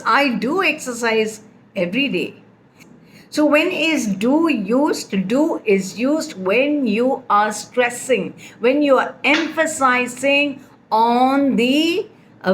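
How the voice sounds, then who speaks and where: A woman's voice: mid-range voice, fairly bright tone, a little hiss or hum. A woman teaching a grammar lesson, patiently explaining with repeated example sentences. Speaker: English teacher.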